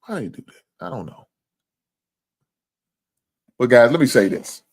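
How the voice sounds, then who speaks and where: A man hosting a casual livestream, talking with viewers and reading their comments, swinging from low mumbles to loud, cursing, exasperated rants. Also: sing-song, a little slow, breathy edge. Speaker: livestream sports show host.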